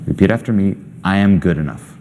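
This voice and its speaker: This young man is a self-help coach running a group coaching session, with a deep, darkish voice and a brisk pace. He speaks bluntly and emphatically, swears freely, and keeps asking rhetorical questions. Slight background noise is present.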